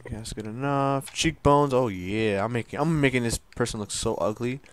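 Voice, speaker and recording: A man's voice: mid-range voice, moderate pace. A young man giving casual, joking running commentary while playing a video game with a controller. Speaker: gaming YouTuber.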